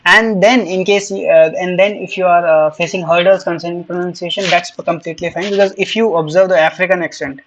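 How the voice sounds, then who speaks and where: A man's voice: sits high, fairly even intonation, fairly quick, few pauses, dull audio, slight background noise. A man who teaches French, interviewing a student in a hesitant way, full of fillers and restarts. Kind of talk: casual interview.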